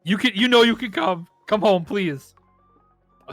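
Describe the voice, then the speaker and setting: Excitable bright-voiced streamer. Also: medium pitch, measured pace, dry recording, soft background music. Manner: excitable, loudly pleading and groaning. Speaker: streaming guest. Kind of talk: casual chat on a game stream.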